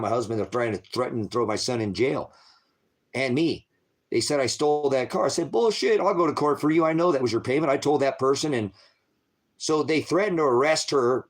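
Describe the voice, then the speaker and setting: A man telling his own story in a heated personal monologue, agitated and rambling, swearing often. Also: mid-range voice.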